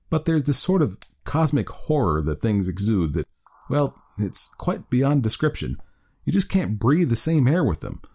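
A man's voice: lowish voice, a little mellow, close to an everyday voice. A man voicing a grim middle-aged man who hunts ghouls beneath the city, fervent and gloating. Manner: fervent, rising to frenzied gloating. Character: grim middle-aged male underground ghoul-hunter chief. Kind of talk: dramatic story reading.

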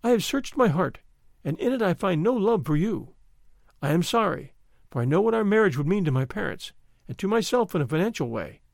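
A man's voice: high voice, sing-song, a little fast, creaky, no room sound, clean studio sound, heavily acted. A man reading aloud and voicing a proud, spirited young noblewoman who speaks with indignant scorn. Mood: earnest.

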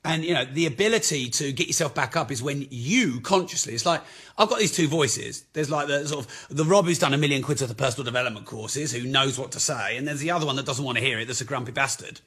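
Husky, forceful man, blunt talk. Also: medium pitch, fast talker. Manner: frank, swears freely. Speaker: property business speaker. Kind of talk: candid motivational talk.

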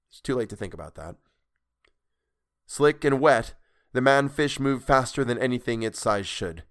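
A man narrating a storybook in a measured, expressive reading. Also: mid-range voice, clear, resonant tone, no room sound, clean studio sound.

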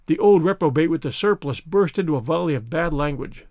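Male narrator, measured storyteller, higher register, dry studio read. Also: animated, darkish tone, no room sound. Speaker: audiobook narrator. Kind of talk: scripted narration.

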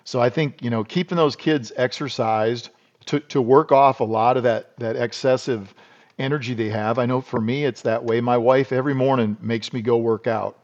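A man's voice: mid-range voice, fairly even intonation, moderate pace, a little mellow. Middle-aged guy from south dakota rambling thru stories on a podcast, kinda muffled sound. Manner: rambling, folksy, restarts and repeats words. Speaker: podcast guest. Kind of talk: casual storytelling interview.

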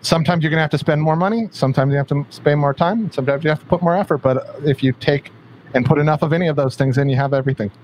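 A man's voice: fairly high pitch, very fast, darkish tone, slight background noise. A man co-hosting a podcast in casual chat, easygoing and meandering. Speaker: podcast co-host.

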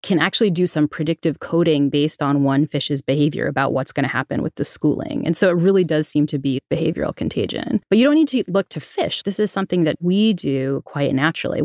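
Woman podcast host with a lower voice. She tells stories in an animated, chatty way and slips into quick impressions of other people. She is recorded close and dry in a studio. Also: dry recording. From New Bedford, Massachusetts. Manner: animated storyteller, mimics voices in anecdotes. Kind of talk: casual conversational podcast.

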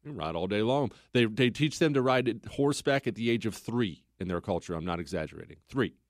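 A man's voice: fairly low pitch, animated, brisk, no room sound, clean studio sound. A man hosting a podcast who tells history casually and conversationally, full of rhetorical questions. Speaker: podcast host.

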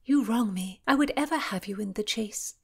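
A woman reading aloud and voicing an earnest young noblewoman on a quest, pleading and lively. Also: medium pitch, moderate pace, slightly rough, voice pushed up.

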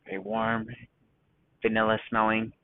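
A man hosting a casual solo podcast, talking in a rambling, self-mocking way and deliberately slowing into a calm voice. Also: on the low side, clean tone. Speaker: podcast host. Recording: dry, thin phone-like sound.

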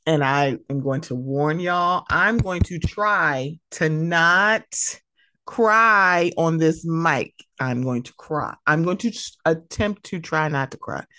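A woman hosting her own podcast in a casual, animated, emotional way, laughing often. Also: sits low, no echo, clean studio sound. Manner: animated, laughing, emotional, mimics friends' voices. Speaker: podcast host. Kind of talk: casual solo podcast talk.

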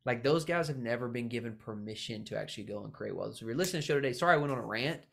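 A man's voice: mid-range voice, rapid-fire, vocal fry, fairly bright tone. A man hosting a Christian real estate podcast, talking in an earnest, rambling, preachy way with frequent restarts. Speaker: podcast host. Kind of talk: passionate podcast monologue.

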